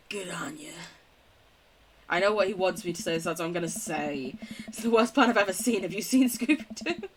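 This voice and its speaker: A young woman from Britain, streaming a game, reads its lines aloud and chats casually with viewers, giggling often and swearing freely. She speaks briskly and animatedly at medium pitch, pausing often.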